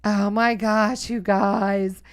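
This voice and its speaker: Woman, middle-aged, casual live-stream co-host, animated, laughing storyteller. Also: mid-range voice, very slow, smooth.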